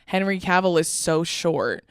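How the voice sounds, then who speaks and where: A woman's voice: fairly low pitch, animated, unhurried, smooth, dry recording, studio quality. A young woman co-hosting a podcast in casual chat, laughing often and swearing freely. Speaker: podcast co-host.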